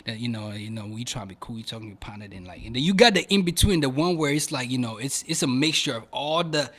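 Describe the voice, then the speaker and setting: A young man from Africa hosting a podcast, chatting casually to viewers in animated slang. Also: mid-range voice, fast. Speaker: podcast host. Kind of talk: casual video commentary.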